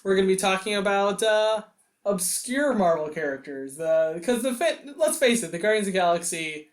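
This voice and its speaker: A man's voice: high voice, lively intonation, moderate pace. A man hosting a casual comic-book podcast, making dry, wry jokes. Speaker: podcast host. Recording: roomy echo.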